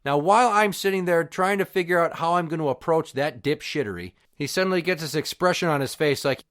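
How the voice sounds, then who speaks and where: A man's voice: a little high, animated, quick pace, a bit bright. A man hosting a podcast, telling a crude, sarcastic and exasperated rant about a pushy visitor. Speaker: podcast host. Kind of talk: profane storytelling rant.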